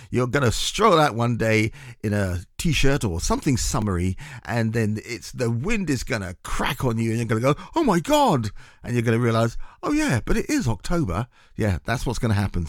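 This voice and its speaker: A man's voice: on the low side, no echo. A man hosting breakfast radio in a studio, talking in a rambling, chatty way full of fillers. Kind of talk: casual chat.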